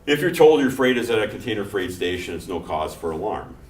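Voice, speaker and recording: A middle-aged man teaching a class in a relaxed, conversational way, mixing personal stories into his explanations. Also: on the low side, fairly quick. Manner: conversational, telling anecdotes between explanations. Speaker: instructor. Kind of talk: classroom lecture. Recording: echoey classroom from far off, faint noise.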